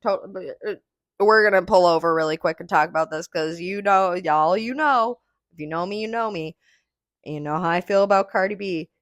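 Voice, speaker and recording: A woman with a somewhat low voice hosts a podcast in loose, rambling chat. She swears freely, laughs often and sounds relaxed as she smokes between thoughts. The sound is dry and close. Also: fairly quick, dry recording, dull audio. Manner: relaxed, smoking while talking. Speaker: podcast host.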